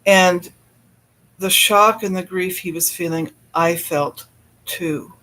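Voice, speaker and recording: A man with a notably high voice talks loosely to his live stream audience. He laughs often and breaks off mid-thought to greet viewers in the chat before picking his story back up. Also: fairly even intonation, slow pace, bright, forceful tone.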